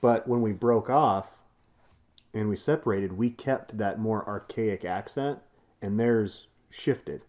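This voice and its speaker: A man co-hosting a casual podcast chat in a put-on American Southern drawl, playful and quick to laugh, explaining things at length. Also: on the low side, darkish tone. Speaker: podcast co-host.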